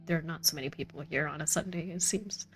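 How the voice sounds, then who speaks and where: A woman's voice: deep voice, quick pace, soft background music. A woman as game master, narrating a tabletop game in a chatty way and laughing often.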